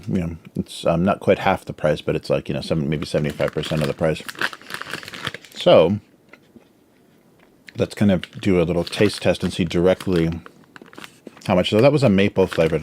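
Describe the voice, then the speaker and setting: Deep-voiced man chatting on a livestream. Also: normal speed, pauses often, darkish tone, a little hiss or hum. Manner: rambling, eats and talks with mouth full; filler-heavy, chuckles often. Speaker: livestream host, cartoonist. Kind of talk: casual livestream chat.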